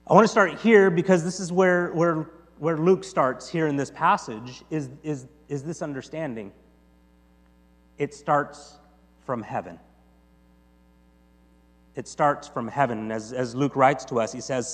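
A man preaching a sermon as pastor and reading scripture aloud, dropping to a hush and then rising loud to stress his lines. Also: mid-range voice, a little slow. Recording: long hall reverb with mains hum.

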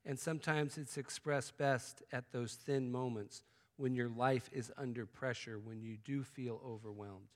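A man preaching a sermon, swinging from loud exclamations to hushed, intimate tones. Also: medium pitch, fairly even intonation, measured pace. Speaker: pastor. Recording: long hall reverb.

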